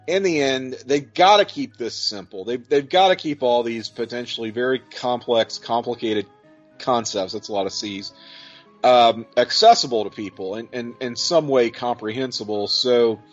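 A man co-hosting a casual podcast, joking at his own expense and working through ideas out loud. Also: mid-range voice, moderate pace. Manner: self-deprecating, joking, thinks aloud with restarts. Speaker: podcast co-host. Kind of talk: casual chat. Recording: slightly dull lo-fi audio, faint music.

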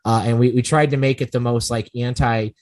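A man's voice: mid-range voice, steady tone, brisk, a little mellow, no room sound. Rambling man hosting a casual podcast. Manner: rambling, self-correcting storyteller. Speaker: podcast host.

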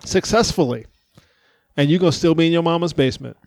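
A man co-hosting a casual chat, animated, laughing often and swearing freely. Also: a little high, fast talker, no room sound. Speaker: podcast co-host.

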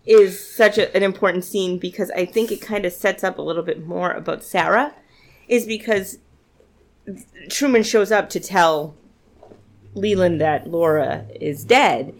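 A woman's voice: on the low side, a little slow. A woman co-hosting a casual podcast chat about a TV show, chatty and reflective, often saying "like". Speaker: podcast co-host.

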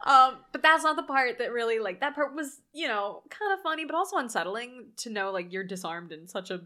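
A woman, animated and laughing often as she recaps a horror movie in casual chat. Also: on the high side, brisk. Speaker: podcast co-host.

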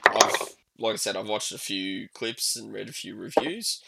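Gravelly low-voiced man, halting. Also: very noisy. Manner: hesitant, lots of ums. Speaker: podcast host. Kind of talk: casual podcast chat.

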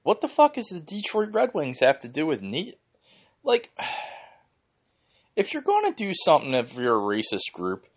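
A man from Philadelphia hosting a podcast, ranting casually and heatedly with lots of swearing and "like" fillers. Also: medium pitch. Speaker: podcast host.

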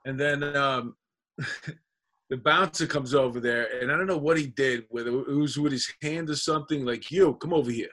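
A man's voice: mid-range voice, normal speed, pushed and bright. A man, an actor guest on a podcast, telling rambling, profane anecdotes in casual chat.

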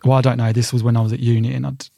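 A man's voice: mid-range voice, flat delivery, racing, gravelly, dark tone, no echo, studio quality. A young man co-hosting a podcast in casual, rambling chat, easily sidetracked. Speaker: podcast co-host.

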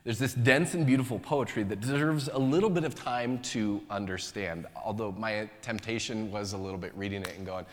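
A man's voice: on the low side, moderate pace, hardly any pauses, long reverb tail. A man preaching a sermon as pastor, conversational and joking in his asides.

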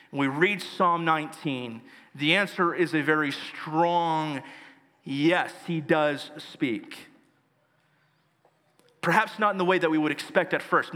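A man preaching a sermon as pastor, telling a story earnestly and reading scripture slowly with emphasis. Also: on the high side, bright, forceful tone, long reverb tail.

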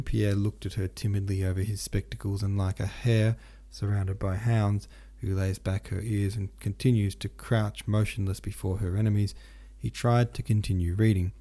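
Deep, gravelly man reading a novel. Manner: steady reading with occasional stumbles and restarts. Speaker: audiobook narrator and translator. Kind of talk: literary audiobook reading.

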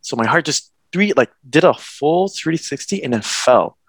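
A young man tells a personal story in a loose, rambling way, stumbling over restarts and slipping in nervous laughs. His voice has a gravelly edge to it. The sound is dry and close, with no room around it. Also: fairly high pitch, animated, moderate pace, fairly bright tone, no echo. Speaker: guest. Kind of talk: casual conversation, personal story.

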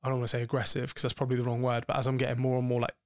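A man's voice: medium pitch, monotone, very fast, dry recording, clean studio sound. A man, co-hosting a podcast, talking frankly and explicitly about sex in a rambling way with many fillers. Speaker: podcast co-host.

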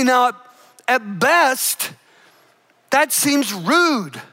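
A man preaching a sermon, retelling a story with dramatic shouted emphasis, playful asides and quiet, earnest stretches. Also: very high-pitched, big pitch swings, extremely slow. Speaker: pastor.

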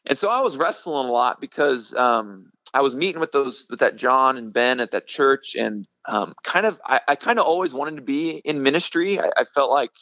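Halting young man telling his story. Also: medium pitch, expressive, bright, forceful tone, no echo, highs cut off. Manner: halting, many fillers and restarts, laughs often. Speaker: middle school ministry director, guest. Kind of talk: casual storytelling interview.

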